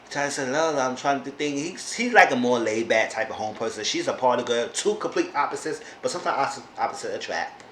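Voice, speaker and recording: A man casually recapping a reality show episode in an animated way, often talking back to the people on it. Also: medium pitch, fast talker. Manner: animated, talks back to the characters. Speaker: YouTube reality-TV reviewer. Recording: roomy echo, faint background noise.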